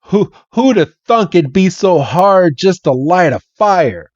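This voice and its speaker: A man's voice: sits high, lively intonation, takes it slowly, a little mellow, dry recording, muffled recording, voice pushed up. A man putting on a hollering Southern drawl. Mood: folksy, bossy. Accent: put-on Southern American. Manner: hollering, drawling folksy talk. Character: folksy Southern male Pokémon expert.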